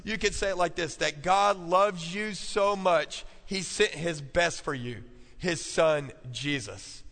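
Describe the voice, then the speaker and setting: Taking it slowly, a male pastor with a higher, fairly bright voice calls out to his congregation during a sermon. He repeats key points for them to jot down in call-and-response manner, with the church hall's long reverb around him.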